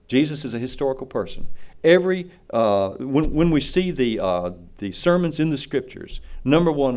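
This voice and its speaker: Guy preaching a sermon, blunt and emphatic, hammers points home by repeating them, mid-pitched voice. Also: darkish tone.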